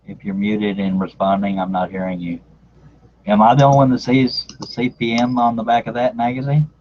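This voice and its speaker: A man's voice: medium pitch, little pitch movement, a little fast, a little mellow, a little hiss or hum. A man hosting a casual live video-call stream, joking and laughing as he introduces guests. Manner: joking, laughing, chatty, uses "y'all". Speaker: host. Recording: dull lo-fi stream audio.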